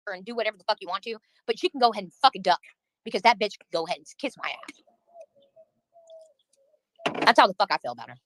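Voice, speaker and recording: A woman's voice: mid-range voice, animated, quick pace, long pauses, a bit bright, dry recording, low-quality recording. Angry, profane woman streamer ranting. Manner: profane, heated and venting. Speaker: livestreamer. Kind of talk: angry livestream rant.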